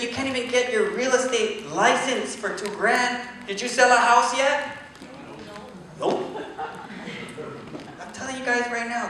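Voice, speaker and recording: A man giving an energetic, joking motivational speech at a business event, pushing the crowd to answer back. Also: very high voice, slight background noise. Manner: energetic, joking, pushes the audience to respond. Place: large event hall. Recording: echoey hall from far off.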